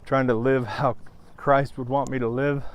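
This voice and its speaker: A man's voice: mid-range voice, little pitch movement, moderate pace, slight background noise. A middle-aged man talking to viewers on a walk, out of breath and subdued, with sighs and restarts. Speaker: vlogger. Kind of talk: casual vlog monologue.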